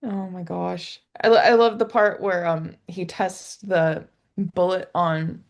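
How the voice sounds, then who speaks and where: A woman's voice: lowish voice, fairly even intonation, takes it slowly. A young woman co-hosting a podcast, chatting casually and retelling scenes with giggles and acted quotes. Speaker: podcast co-host. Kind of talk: casual chat.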